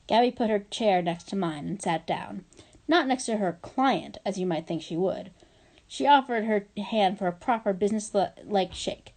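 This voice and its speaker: A woman reading a children's novel aloud, with lively, expressive storytelling. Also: medium pitch, normal speed. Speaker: reader.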